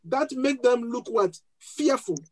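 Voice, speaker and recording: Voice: mid-range voice, expressive, slow, darkish tone, rough recording. A pastor with a foreign accent preaching a sermon to a congregation, asking them questions and repeating key words. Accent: non-native accent. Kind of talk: sermon with call and response. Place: church service before a congregation.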